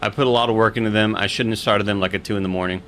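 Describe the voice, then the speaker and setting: A young man rambling to his stream chat, joking and cursing casually as he goes. His voice sits low but sounds bright and forceful. He talks loosely, trailing off and restarting often. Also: fairly even intonation, very fast, faint music behind. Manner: rambling, joking, swears freely.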